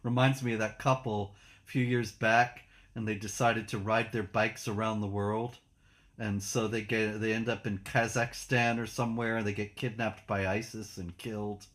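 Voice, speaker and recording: A man hosting a casual political discussion, speaking in a measured, matter-of-fact way. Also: lowish voice, level tone, fairly bright tone. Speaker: host.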